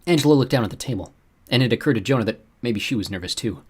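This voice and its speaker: A man reads a novel aloud in scripted narration, his voice husky and breathy at the edges. His pitch moves a lot as he tells the story and shifts between characters. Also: racing. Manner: expressive storytelling, voicing each character. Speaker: audiobook narrator.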